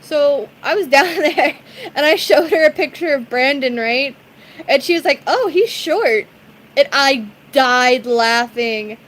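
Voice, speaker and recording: A woman with a high, light voice chats easily with her stream viewers, giggling as she goes. She greets people in the chat by name between rambling stories, in a relaxed, talkative way. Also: a little slow, rough recording. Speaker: live streamer.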